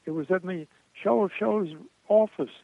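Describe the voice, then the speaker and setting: A man's voice: high-pitched, moderate pace, gravelly, no echo. Older man telling stories over a tinny line. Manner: rambling, chuckling raconteur. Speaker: guest. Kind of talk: anecdotal storytelling interview. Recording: tinny phone-like line, dry.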